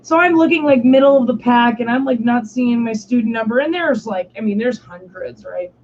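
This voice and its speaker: Chatting on her stream, a young woman tells stories a little fast, in a fairly high, slightly mellow voice. She swears often and says "like" constantly, and the audio is muffled and lo-fi.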